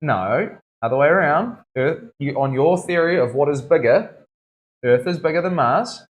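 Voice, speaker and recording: A man's voice: fairly high pitch, animated, normal speed. A male tattoo artist chatting casually during a live stream from his studio, joking around and half-mumbling while he concentrates on the work. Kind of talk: casual chat while working.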